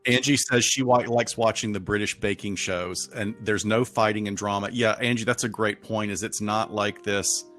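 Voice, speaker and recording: A man co-hosting a podcast livestream in casual chat, talking with quick asides and frequent laughs. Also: lowish voice, steady tone, a bit bright, faint music behind. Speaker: podcast co-host.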